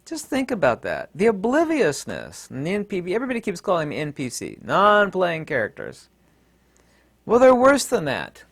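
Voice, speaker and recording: A man's voice: high-pitched, normal speed, creaky. A man hosting his own channel, talking in a rambling, digressive monologue full of fillers. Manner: animated, digressive, many fillers. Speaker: channel host.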